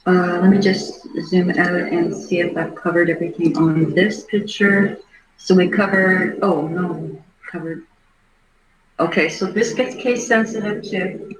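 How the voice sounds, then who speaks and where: Slow, earnest middle-aged woman, roomy sound. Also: fairly low pitch, steady tone, slight background noise. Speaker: livestream host. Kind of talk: live case commentary. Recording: roomy echo.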